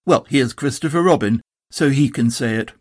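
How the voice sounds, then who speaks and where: A man's voice: mid-range voice, moderate pace, no room sound, studio quality, close to an everyday voice. A man voicing a fussy, self-important male rabbit who speaks solemnly and officiously, in a storybook reading.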